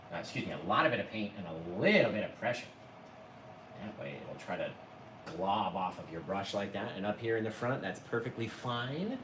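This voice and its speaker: Hosting a livestreamed painting lesson, a man with a fairly low voice chats eagerly with people in the chat. He sounds distant and slightly off-mic, with room echo and noticeable background noise.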